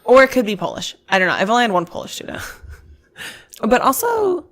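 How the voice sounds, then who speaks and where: A woman co-hosting a podcast in casual chat, with vocal fry, explaining things like a teacher. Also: on the high side, huge pitch swings, fairly quick, fairly bright tone. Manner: chatty, explains language points like a teacher. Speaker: podcast co-host.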